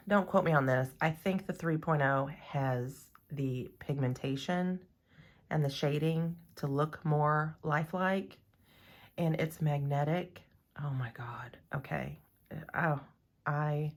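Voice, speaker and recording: A woman chatting casually in her home nail salon, gushing excitedly as she unboxes nail art gear. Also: deep voice, a little slow. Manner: excitable, gushing, often gasping and sighing.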